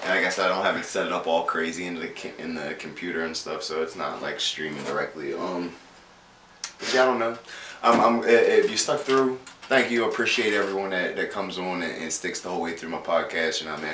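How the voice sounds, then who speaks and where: A man's voice: low voice, fast, bright, forceful tone. A man hosting a podcast in casual, profane, rambling chat, often saying "you know what I mean". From central Pennsylvania. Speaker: podcast host. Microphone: camera mic. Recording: echoey room, distant mic, faint hiss.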